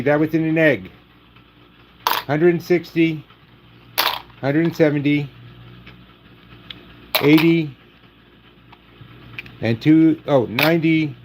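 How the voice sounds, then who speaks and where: A man hosting a casual livestream, joking in a dry, deadpan way and saying he is losing his voice. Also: on the high side, background noise. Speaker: livestream host.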